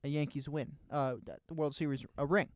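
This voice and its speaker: A young man from Texas co-hosting a casual sports radio talk show, rambling excitedly through stories. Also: on the high side, brisk, no room sound, clean studio sound. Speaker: co-host. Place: radio studio. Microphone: studio microphone.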